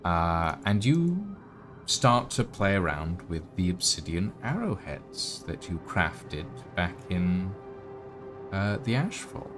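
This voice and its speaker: Deep-voiced man narrating as game master. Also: takes it slowly. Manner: relaxed, with frequent "uh" and "like". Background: background music.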